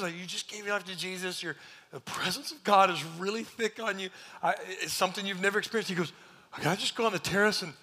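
A man preaching a sermon, telling a story with jokes, now and then shouting, then dropping to a hushed near-whisper. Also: high voice, slightly rough. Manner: animated joking storyteller, bursts into shouts. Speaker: pastor.

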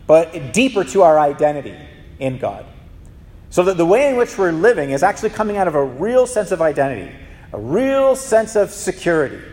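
A man preaching a sermon as pastor, in a conversational, animated way with frequent restarts. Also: a little high. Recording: long reverb of a large hall.

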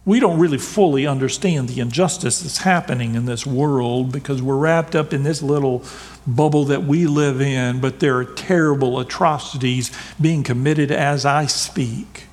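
A man preaching a sermon as a pastor, building to emphatic peaks and dropping to soft, hushed lines. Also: medium pitch, normal speed. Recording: long hall reverb.

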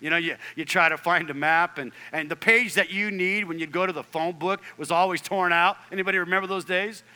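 Man, 50s, pastor, storytelling sermon, very bright tense tone, loud to whispered swings, joking asides. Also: high voice, a little fast, few pauses, clear, resonant tone, poor audio. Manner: animated, swinging from loud outbursts to hushed near-whispers; jokey asides to the congregation.

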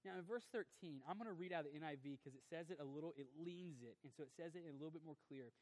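A male pastor preaching a sermon, swinging between forceful emphasis and quiet, drawn-out lines. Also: a little high. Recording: long hall reverb.

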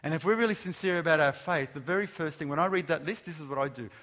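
A man delivers a sermon in a somewhat higher voice than most men. He leans on rhetorical questions and slows down to stress each word of a list. A long hall reverb trails behind every phrase. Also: a bit bright. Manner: emphatic, rhetorical questions, slow stressed lists of words. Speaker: pastor. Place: large room with an audience.

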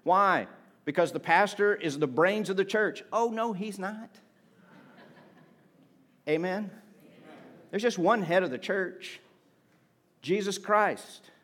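A pastor preaching with casual humor. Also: male voice, high voice, slow, pauses often, fairly bright tone. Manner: conversational preaching with humor, asking the congregation for amens. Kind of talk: sermon.

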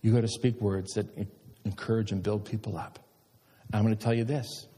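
A middle-aged man, a pastor preaching a sermon and telling stories with animated emphasis. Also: fairly low pitch, normal speed, slightly rough. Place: church sanctuary. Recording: long church hall reverb.

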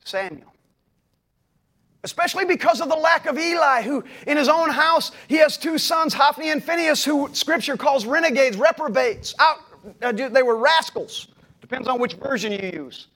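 A male pastor preaching a sermon dramatically, swinging between hushed moments and shouted ones. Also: very high-pitched, expressive, normal speed.

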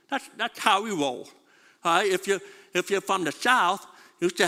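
A man's voice: sits high, very animated, moderate pace, bright, forceful tone, long reverb tail. A man preaching a sermon, stumbling over repeated words and asking his congregation questions. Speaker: pastor.

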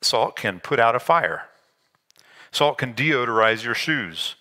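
Bright-voiced male pastor preaching. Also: mid-range voice, animated, slow pace. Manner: conversational preaching with self-deprecating asides. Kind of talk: sermon.

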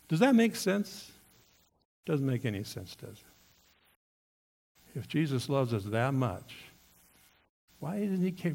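A male pastor delivering a sermon in an earnest, questioning manner. His voice sits at an ordinary middle pitch, and he turns often to his listeners with direct questions. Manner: earnest, asks the congregation questions.

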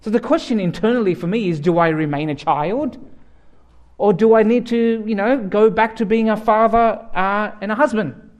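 A man's voice: sits high, moderate pace. A man with an Australian accent, a guest pastor giving a sermon in a joking, conversational way.

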